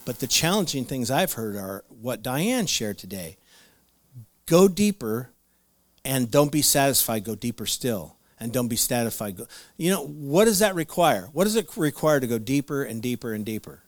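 A man's voice: medium pitch, lively intonation, normal speed, no room sound. A man preaching a conversational sermon, retelling Bible stories with playful asides and laughs. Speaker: pastor.

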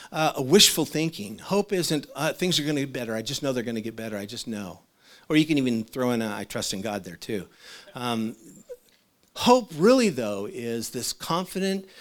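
A middle-aged man, a pastor, gives a conversational sermon in a heartfelt, animated way, laughing often and dropping soft and low when he speaks of loss.

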